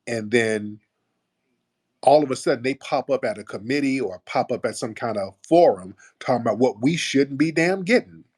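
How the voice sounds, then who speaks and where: A man hosting a call-in radio show, ranting forcefully and arguing with callers. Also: slightly rough. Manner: forceful, combative, mocks callers in a high put-on voice. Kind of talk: heated call-in commentary.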